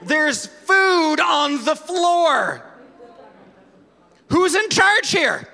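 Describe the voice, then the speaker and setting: Lisping toddler boy, indignant and shouting, high squeal, long hall reverb, put on by a man. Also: sing-song, very slow, creaky, heavily acted. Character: upset toddler boy fussing over dropped food.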